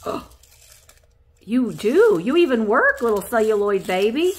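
Chatty high-voiced woman vlogger. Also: measured pace, slight background noise. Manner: chatty, easily excited, talks to viewers and objects. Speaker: antique reseller and shop owner. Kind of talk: casual unboxing vlog. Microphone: camera on a tripod.

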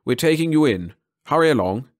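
A man voicing a brusque alien patrol officer in a storybook reading, barking orders loudly. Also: on the high side, animated, fairly quick, voice pushed up, close to an everyday voice. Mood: commanding.

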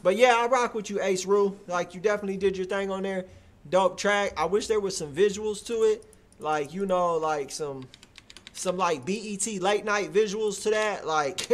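A man's voice: sits high, normal speed. A man hosting a live music review show, chatting casually in loose slang and filling his talk with "like" and "you feel me". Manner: hyped and loud when cheering a track. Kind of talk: casual live-stream commentary.

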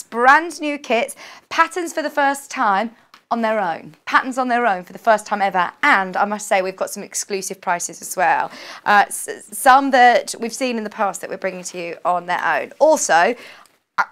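A young British woman presenting on a live shopping channel, bubbly and chatty, with quick asides and self-corrections. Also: medium pitch, a bit bright. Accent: British English. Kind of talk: live TV selling chat. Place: TV studio.

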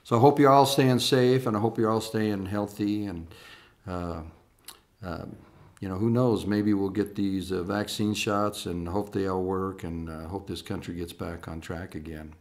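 A man's voice: deep voice, steady tone, normal speed, darkish tone. An older man, a singer-songwriter, talking casually to online viewers in a folksy, rambling way, with lots of "uh" and restarts.

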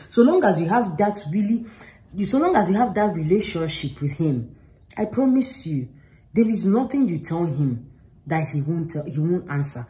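Speaking directly to the camera, a female faith vlogger offers earnest, informal advice and repeats herself for emphasis. Her voice is lowish and mellow, and the recording quality is low.

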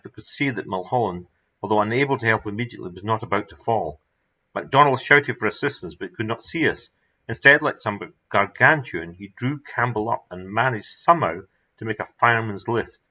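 A man reading his own horror story aloud in a measured, dramatic narration. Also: lowish voice, sharp tone, slightly rough. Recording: dull lo-fi recording.

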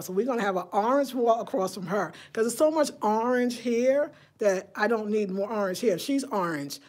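A woman chatting casually on a live stream from inside her home, animated and talking straight to her viewers. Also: medium pitch. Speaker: vlogger.

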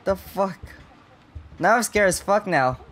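Young guy doing a horror game let's play, kinda high voice, slow nervous muttering, swears a ton. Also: animated, a bit bright. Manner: jumpy, swears constantly, nervous self-talk. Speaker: gaming channel host.

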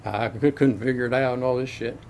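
A man's voice: medium pitch, fairly even intonation, fairly quick, darkish tone, slight background noise, lightly acted. A man doing a mumbling, defeated grown man. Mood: whiny, defeated. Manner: mumbling, whining.

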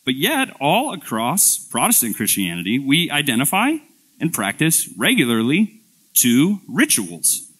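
A man's voice: mid-range voice, huge pitch swings, unhurried, fairly bright tone, husky. A male pastor preaching a sermon in a church, telling a playful story in a conversational way, often restarting and repeating words. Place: church sanctuary.

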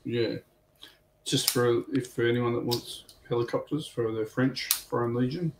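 Brief: male co-host, gravelly, laid-back and chatty, roomy mic with faint hiss. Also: medium pitch, normal speed. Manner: relaxed, agreeable, rambling. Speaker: livestream co-host. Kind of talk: casual livestream chat. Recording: echoey room with faint noise.

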